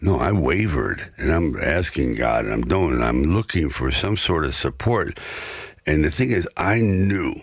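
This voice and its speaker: A man guest telling stories from his own life in a conversation, animated and acting out the people in them. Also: extremely low pitch, measured pace, no echo, clean studio sound. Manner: animated storyteller who acts out the voices in his anecdotes. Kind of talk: storytelling in a conversation.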